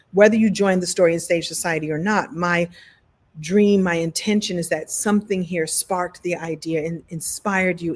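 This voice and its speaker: A middle-aged woman hosting a live online session as a story coach, talking to viewers in a playful, animated way and laughing often. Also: lowish voice. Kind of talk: live-stream talk to viewers.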